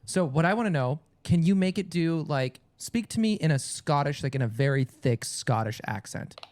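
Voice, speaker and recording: A man who acts for a living, chatting on a podcast. His voice sits a little higher than most men's. He asks curious questions and rambles along with plenty of fillers. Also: animated, normal speed, a little mellow. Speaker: actor and podcast co-host. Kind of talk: casual chat.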